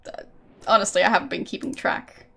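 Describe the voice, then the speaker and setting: A young woman streamer chats casually while gaming, her faint Austrian German accent mixed with British tones. Her mid-range voice is steady, brisk, gravelly, and a bit bright, and she comes across as hesitant, thinking aloud and laughing often.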